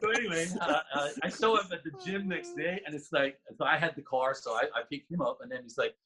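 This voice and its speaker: A man's voice: a little high, fast talker, low-quality recording. A man guest on a podcast, telling a story casually with lots of restarts and laughter. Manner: animated, laughing, many restarts.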